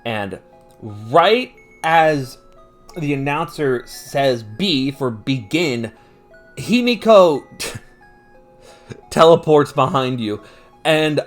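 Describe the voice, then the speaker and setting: A man with an average, mid-range voice talks through an anime episode like he's chatting with a friend. He stumbles over fillers, laughs easily and swears without a second thought. Faint music plays under him. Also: mid-range voice. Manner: gets animated and opinionated. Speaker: podcast host recapping an anime. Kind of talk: casual episode recap.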